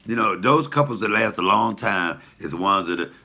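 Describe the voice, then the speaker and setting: A man's voice: lowish voice, lively intonation, normal speed, sharp tone. A comedian talking casually to the camera, blunt, profane and preachy as he tells stories and gives advice.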